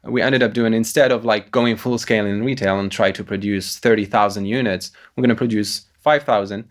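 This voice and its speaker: A man in his thirties pitching his startup to investors, answering questions hesitantly with many fillers. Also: steady tone, fairly quick.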